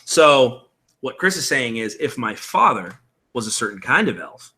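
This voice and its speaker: Man, thirties, tutorial host, casual explainer, bright forceful voice. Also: mid-range voice, big pitch swings, unhurried. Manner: casual, explanatory, reads chat aloud. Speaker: tabletop game host. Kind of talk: live-streamed tutorial chat.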